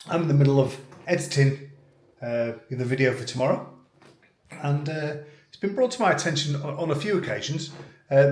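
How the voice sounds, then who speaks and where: Bloke in his 50s rambling on to the camera, casual and self-deprecating. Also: mid-range voice. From United Kingdom. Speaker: vlogger.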